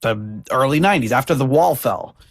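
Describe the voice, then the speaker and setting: A man co-hosts a music podcast and chats casually about lyrics. He rambles and doubles back, full of "like" and "you know". His mid-pitched voice sounds close and dry, with no room echo. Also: animated, a little fast. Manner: rambling, hesitant, many fillers and restarts. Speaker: podcast co-host.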